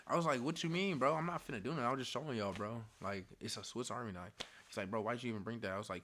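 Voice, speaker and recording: A young man tells a story to his viewers in loose, slangy talk. He is animated, sinking into hushed asides and then rising to loud bursts. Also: mid-range voice, moderate pace. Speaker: storytime vlogger. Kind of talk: casual storytelling.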